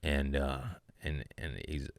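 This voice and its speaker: A man with a low, smooth and resonant voice, recorded close and dry, talking through a loose comedy podcast monologue. He riffs casually, mocks himself, and swings into profane, heated rants. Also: level tone, slow pace, dry recording. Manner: profane ranting with rising outbursts; riffing, self-mocking asides.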